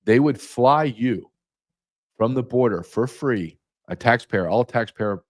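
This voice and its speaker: A man's voice: medium pitch, lively intonation, slow pace. A man speaking as a guest, emphatic and repeating key numbers for effect. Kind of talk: emphatic interview talk.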